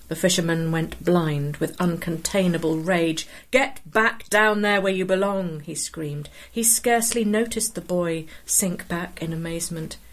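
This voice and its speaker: A woman narrating a literary story in a measured, expressive reading. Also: on the low side.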